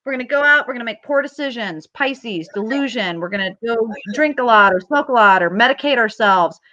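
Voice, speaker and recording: A woman hosting an astrology show, chatting casually and telling animated stories with acted-out quotes. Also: a little high, fairly quick, dry recording, lo-fi sound. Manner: animated storytelling, acts out quotes in a rising voice.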